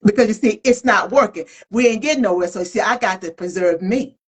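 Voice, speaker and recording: A woman's voice: medium pitch, fairly quick, breathy edge, rough recording. A middle-aged woman co-hosting a podcast, talking candidly and colloquially, reflecting openly in casual chat. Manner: animated, colloquial, self-reflective. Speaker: podcast co-host. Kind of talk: candid conversational talk.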